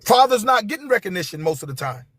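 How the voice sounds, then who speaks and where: A man's voice: sits high, very animated, fast, a bit bright, breathy edge, dry recording, studio quality. A man, hosting a live stream and talking to viewers with passion, repeating his key phrases for emphasis.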